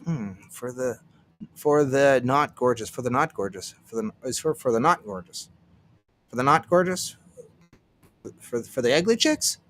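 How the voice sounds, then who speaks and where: A man's voice: medium pitch, lively intonation, unhurried, pauses often, a bit bright. A man from Canada hosting a casual solo livestream, rambling and sarcastic, muttering to himself between remarks. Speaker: livestream host.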